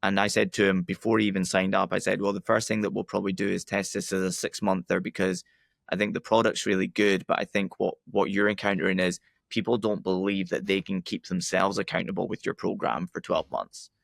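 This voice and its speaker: A man speaking as a podcast guest, explaining things in a steady way with fillers. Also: low voice, fairly quick, creaky, dry recording, studio quality. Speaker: podcast guest, ads agency owner. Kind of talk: casual interview talk.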